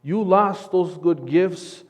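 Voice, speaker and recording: A man voicing the Lord as a stern male figure demanding his due, slow and emphatic. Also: high-pitched, voice pushed up. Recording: long church hall reverb.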